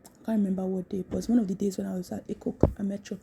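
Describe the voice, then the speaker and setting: A woman giving a casual devotional talk, animated, repeating phrases and laughing often. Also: mid-range voice, very fast, vocal fry, noisy background. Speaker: Christian content creator.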